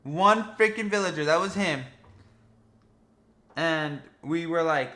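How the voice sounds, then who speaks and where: Bright-voiced young man narrating gameplay. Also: fairly high pitch, takes it slowly, pauses often. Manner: rambling, excitable, swears casually. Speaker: gaming vlogger. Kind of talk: casual narration over gameplay footage.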